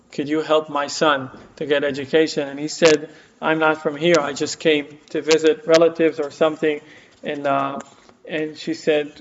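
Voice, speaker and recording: A man with a slightly high voice teaches a class in a community center classroom and tells a story, full of fillers and restarts, acting out the quoted lines. The room recording is dull and lo-fi, with slight background noise.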